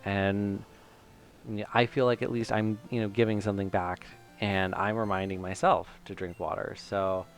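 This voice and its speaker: A man's voice: fairly low pitch, flat delivery, normal speed, faint music behind. A man from Michigan chatting casually while streaming a video game, rambling and self-mocking with lots of fillers. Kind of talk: casual let's-play commentary.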